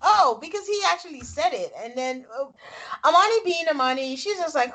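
A woman's voice: high voice, expressive, a little fast, pushed and bright. A woman co-hosting a casual podcast, chatty and laughing often as she retells scenes. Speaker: podcast co-host recapping a reality show. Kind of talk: casual recap chat.

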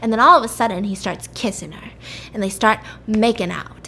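A woman's voice: medium pitch, a little fast, bright, forceful tone, a little hiss or hum. A young adult woman chattily recapping a story and leaning on "like" as she goes. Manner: chatty, uses "like" often.

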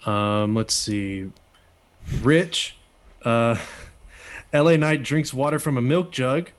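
A man co-hosting a casual podcast chat, playful and quick to chuckle as he poses questions. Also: mid-range voice. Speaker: podcast co-host.

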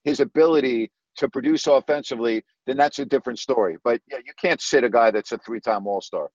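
A man's voice: medium pitch, fast talker, a little mellow, dry recording. A male sports radio host talks to callers and hammers home his points with emphatic repetition. His voice comes through a dry studio sound. The sound is dull and lo-fi. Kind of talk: sports call-in talk.

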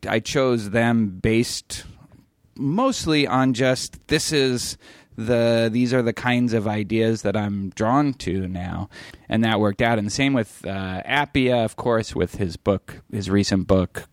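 Man, low pitch, dry close sound, rambling casual chat, middle-aged. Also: takes it slowly, no room sound. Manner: rambling, self-interrupting storyteller. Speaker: podcast co-host.

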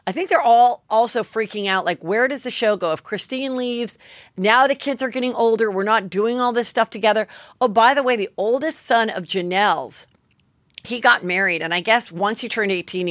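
A woman hosting a podcast, rattling off a gossipy reality TV recap in a chatty, animated way and slipping into the voices of the people she quotes. Her pitch sits in an ordinary middle range. The sound is dry and close, with no room echo. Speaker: podcast host.

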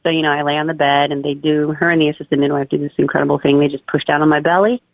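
A woman's voice: low voice, level tone, very fast, dry recording. A young woman chatting casually as a podcast guest, full of fillers like "like" and "oh my God.". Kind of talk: casual birth-story interview. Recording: dry tinny phone-like line.

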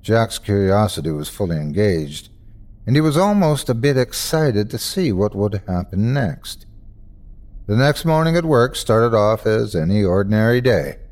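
Low, expressive male horror narrator. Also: normal speed. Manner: expressive, dramatic storytelling. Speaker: host and narrator. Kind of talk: scripted horror story narration.

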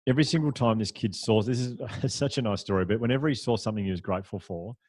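A man who is a podcast guest, telling stories in a lively, chatty, self-deprecating way. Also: fairly low pitch, fast talker, no echo. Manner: animated, chatty, self-deprecating, with fillers and laughs. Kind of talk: conversational storytelling.

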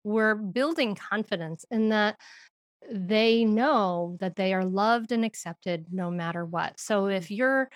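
A woman's voice: mid-range voice, slow, no room sound, studio quality. A woman as a podcast guest, explaining in an earnest way and laughing now and then. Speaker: guest, parenting expert. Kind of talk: podcast interview.

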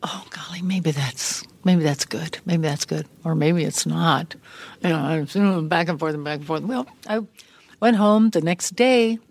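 She's an older woman whose low, slightly worn voice moves at a moderate pace as she guests in a large studio room. Recounting stories in a casual interview, she grows animated, laughs frequently, and performs the lines she recalls. No room sound comes through.

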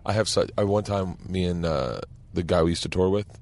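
A man's voice: low-pitched, a little fast, a little mellow. A man with an American accent hosting a podcast, telling rambling stories in casual chat and laughing often. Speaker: podcast host. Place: car.

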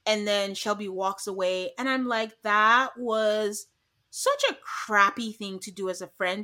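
A woman co-hosting a podcast, chatting casually and acting out lines from a reality show. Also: medium pitch. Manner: animated, acts out quotes from the show. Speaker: podcast co-host. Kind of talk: casual recap chat.

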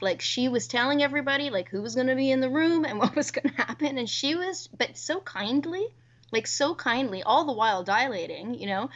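A woman's voice: high-pitched, a bit bright. Woman telling stories, dull lo-fi sound. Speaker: birth worker. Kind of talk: casual storytelling chat. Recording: dull lo-fi recording.

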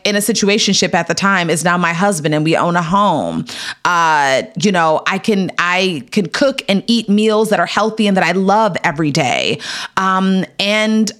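A woman in her thirties, an actor being interviewed, telling a candid personal story in a casual, filler-heavy way and acting out the voices she quotes. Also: a little slow. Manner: animated, acts out quoted voices with big pitch jumps; casual, filler-heavy, laughs between lines.

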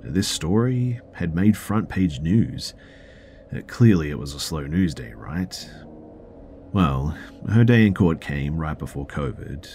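Very deep-voiced man reading a story. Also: animated, darkish tone, a little hiss or hum. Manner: measured storytelling with occasional fillers. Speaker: podcast host. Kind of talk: reading a listener's story aloud.

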